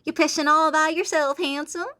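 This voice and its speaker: Woman doing a Southern belle, put-on Southern US drawl, flirty, brash, raised pitch, loud. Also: steady tone, normal speed.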